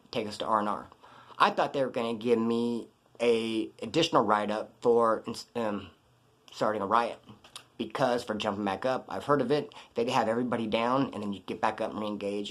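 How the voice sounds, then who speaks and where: A man's voice: medium pitch, fairly bright tone. A man casually telling a prison story in blunt, profane street slang.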